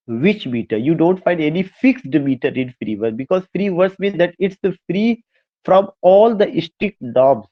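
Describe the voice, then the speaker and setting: A man's voice: a little high, dull audio. A male literature teacher with an Indian English accent lecturing an online class, repeating points, asking rhetorical questions and mixing English with Hindi. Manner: switches between English and Hindi.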